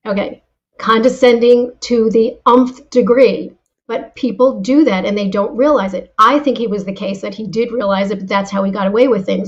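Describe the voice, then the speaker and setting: A woman being interviewed as a guest speaker, telling stories in a lively way and repeating words as she starts her thoughts. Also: a little high, moderate pace, highs cut off. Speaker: guest, sales and leadership speaker. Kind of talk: interview answers with personal stories.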